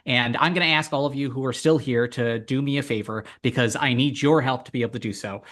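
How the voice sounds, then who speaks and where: A man's voice: medium pitch, fast talker, a bit bright. A man giving a candidate's closing statement over a video call, direct and impassioned, with plain-spoken jokes. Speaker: political candidate.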